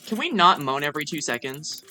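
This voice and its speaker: A young woman streamer chatting casually over a game, excitable and gushing, often stumbling over her words. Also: low voice, faint music behind. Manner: excitable, gushing, with fast repeated restarts. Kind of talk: casual let's-play commentary.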